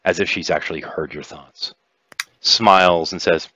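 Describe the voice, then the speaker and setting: A man narrating as game master in a relaxed, rambling way. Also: low voice, moderate pace, no room sound. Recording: dull dry lo-fi recording.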